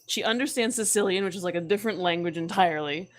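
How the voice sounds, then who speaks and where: Low-voiced woman chatting casually. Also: quick pace. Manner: chatty, many fillers and restarts. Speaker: podcast co-host. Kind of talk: casual chat.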